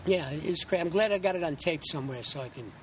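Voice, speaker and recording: A man with a notably high voice spins his show-business stories in a loose, rambling way, stopping and restarting as he acts out other people's lines. He sounds middle-aged, and a faint noise floor sits under the conversation. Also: fast talker. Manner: rambling, animated anecdotes with acted-out quotes and many restarts. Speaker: actor and interview guest. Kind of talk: casual interview storytelling.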